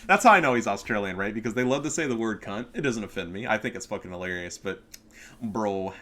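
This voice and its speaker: A man casting a game replay, excitable and profane, full of trash talk. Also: on the low side, quick pace. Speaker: gaming commentator. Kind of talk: casual replay commentary.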